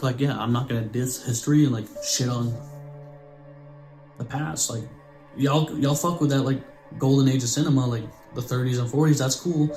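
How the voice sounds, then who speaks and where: A man in his twenties hosting a horror channel, casually reviewing a film, excitable and swearing freely with lots of "like". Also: mid-range voice, moderate pace, soft background music. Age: 20s. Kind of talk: casual movie review vlog.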